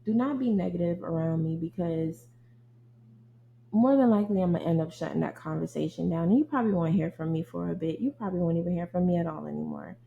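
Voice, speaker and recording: A woman's voice: on the low side, fast talker, creaky, phone-quality sound, slight background noise. A young woman hosting a podcast, venting bluntly and with lots of profanity in a casual rant. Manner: blunt, profane, animated venting, addresses listeners as y'all. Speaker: podcast host. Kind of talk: casual ranting monologue.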